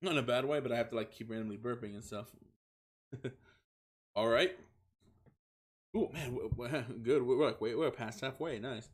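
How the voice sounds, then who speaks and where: A man's voice: mid-range voice, moderate pace, pauses often, slightly rough. Young man, streamer, reading fanfic aloud, giggly, stumbling, swearing asides. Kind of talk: comic reading of fan fiction aloud.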